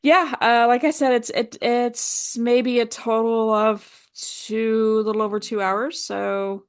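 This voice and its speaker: A woman's voice: fairly high pitch, level tone, slow pace, clean tone. Earnest woman talking reflectively. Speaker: podcast co-host. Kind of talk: casual chat.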